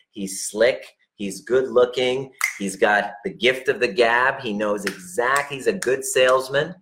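A man's voice: lowish voice, fairly bright tone. A man giving blunt relationship coaching, talking directly to the listener, emphatic and peppered with swearing. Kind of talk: direct unscripted coaching talk.

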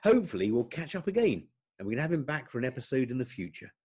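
A male podcast co-host chatting and telling a story in an animated way, with halting fillers and a husky voice. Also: mid-range voice. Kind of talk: casual chat.

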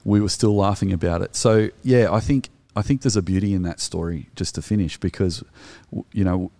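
A middle-aged Australian man co-hosts a casual podcast discussion, speaking earnestly and reflectively with frequent hesitations. His voice sits low and is creaky and mellow, fairly quick, in a dry recording.

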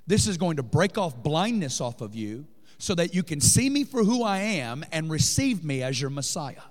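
A man preaching a fervent sermon to a congregation, building up to shouting peaks. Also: fairly high pitch, big pitch swings, moderate pace. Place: large church hall. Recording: long reverb in a large hall.

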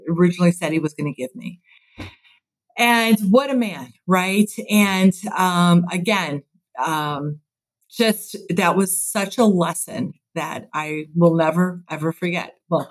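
A podcast guest from Chicago, this fiftysomething woman works as a construction executive and tells casual interview stories in a lowish voice. She's earnest and reflective, laughing at herself, though the audio is poor.

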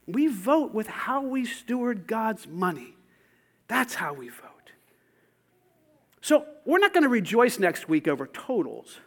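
A man preaching a sermon as pastor, swinging between loud calls and hushed asides. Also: very high-pitched.

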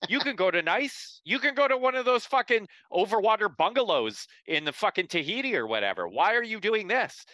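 A man co-hosting a casual podcast, sarcastic and profane. His pitch swings a lot as he talks, and his voice is bright and forceful. The recording is dry. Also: big pitch swings, fairly quick, hardly any pauses, dry recording. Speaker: podcast co-host. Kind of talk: casual chat.

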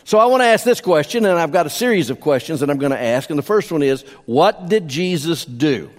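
A man's voice: a little high, lively intonation, fairly quick. A man preaching a sermon as pastor, emphatic, repeating key phrases for stress. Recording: long hall reverb.

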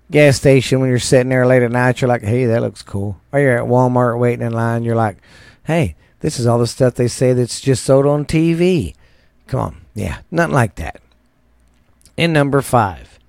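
A middle-aged man hosting a show, rambling through a countdown with crude, jokey asides. His voice is gravelly and sits in the middle range, recorded dry and close on a studio microphone. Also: medium pitch, darkish tone, no room sound. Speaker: show host. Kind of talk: casual countdown commentary.

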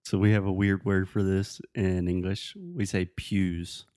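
A man's voice: low-pitched, moderate pace, dark tone, no echo, studio quality. A man co-hosting a casual chat, patiently and playfully coaching his partner's English pronunciation. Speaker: co-host teaching English. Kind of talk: casual language-lesson chat.

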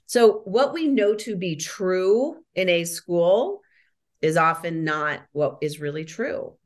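Fielding interview questions about parenting and schools, a woman with a fairly low pitch explains her points with emphasis. She's animated, moving between rapid bursts and slow, deliberate stresses.

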